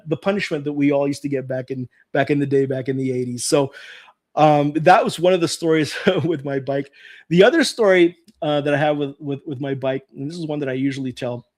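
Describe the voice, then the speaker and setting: A middle-aged man hosting a live stream, telling childhood stories in a casual, animated way and acting out the lines of the people in them. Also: medium pitch. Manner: animated, acts out his own and others' lines. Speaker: host of a live nostalgia stream. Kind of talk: casual storytelling.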